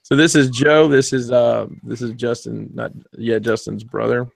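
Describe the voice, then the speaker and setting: A man's voice: medium pitch, level tone, normal speed, gravelly, dry recording. A man from Alabama, hosting a casual podcast chat, laid-back and chuckling often as he trails off mid-sentence. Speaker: podcast host.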